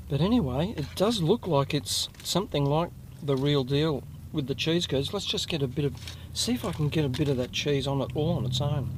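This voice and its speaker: Chatty Australian man with a higher voice. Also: slight background noise. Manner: chatty, rambling, self-correcting asides. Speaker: food reviewer vlogger. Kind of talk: casual food review to camera.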